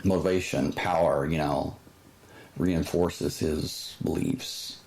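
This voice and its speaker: A man's voice: deep voice, a little mellow, poor audio. A man hosting his own channel, giving a heated, sarcastic opinion monologue full of fillers and restarts. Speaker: channel host.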